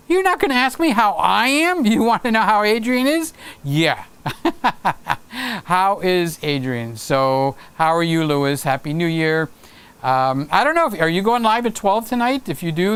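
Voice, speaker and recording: A man's voice: on the high side, a bit bright, smooth. A middle-aged man hosting a casual live stream, chatting folksily and reading viewer comments aloud. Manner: chatty and folksy, with frequent restarts and laughs. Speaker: livestream host.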